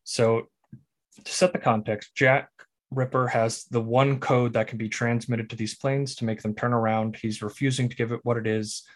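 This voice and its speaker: A man's voice: medium pitch, level tone, moderate pace. A man co-hosting a podcast who casually talks through a film and sets up its clips. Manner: explains plot and sets up clips. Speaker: podcast co-host.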